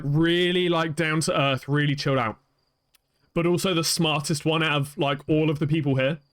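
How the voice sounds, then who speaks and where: A man streaming a video game, chatting in an animated, self-mocking way. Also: on the high side, no echo. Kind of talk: live gameplay commentary.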